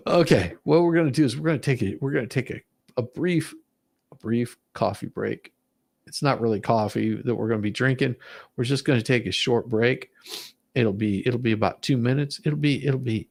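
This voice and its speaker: A man's voice: on the low side, creaky, a little mellow. A man hosting a reaction vlog, mocking the clips he watches with sarcastic remarks and frequent laughter. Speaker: commentary vlog host. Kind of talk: reaction commentary on video clips.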